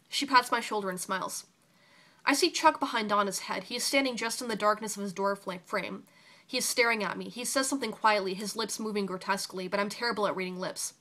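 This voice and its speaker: A woman's voice: medium pitch, fast talker, sharp tone. A young woman reading aloud her own raw, intense personal story.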